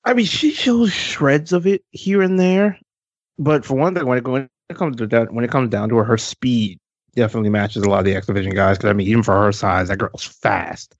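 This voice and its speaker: A man co-hosting a casual wrestling stream, blunt and profane, quick to get excited. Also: mid-range voice, dry recording, highs cut off. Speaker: stream co-host.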